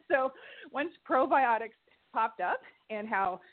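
Lively middle-aged woman on a tinny line. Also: a little high, takes it slowly. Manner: lively, animated storyteller, acts out quoted voices. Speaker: guest, holistic health coach. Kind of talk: storytelling in a casual interview.

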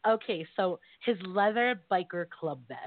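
A woman's voice: mid-range voice, expressive, moderate pace, dry recording. A woman co-hosting a casual live call-in show, gushing and rambling with many fillers. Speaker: co-host. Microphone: call-in line. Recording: tinny phone-line sound.

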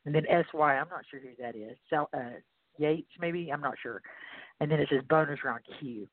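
A man with a Texan accent hosting a radio show, reading posts aloud in a rambling, halting way. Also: a little high. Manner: rambling, halting with many fillers. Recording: tinny phone-like line, dry.

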